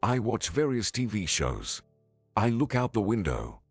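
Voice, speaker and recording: A man's voice: lowish voice, very animated, unhurried, slightly rough, dry recording, soft background music, full character voice. A man reading the lines of a sulky, sarcastic teenage boy in a storybook narration, in a grumbling, curt manner. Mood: grumpy.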